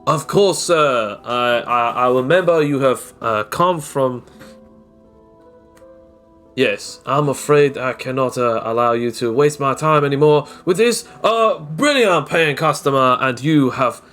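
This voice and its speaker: Brief: man voicing a haughty accented merchant, stiff manners, unhurried. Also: mid-range voice, a bit bright, faint music behind, close to an everyday voice. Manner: formal, condescending, halting. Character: haughty male shopkeeper with a foreign accent.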